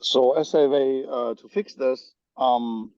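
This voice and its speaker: A man's voice: medium pitch, fairly even intonation, slow pace, no room sound. Man, German accent, technical meeting talk, hesitant with fillers, muffled lo-fi call audio, dry sound. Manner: hesitant, many fillers and restarts. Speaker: spec editor. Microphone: video call. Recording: dull lo-fi video call audio.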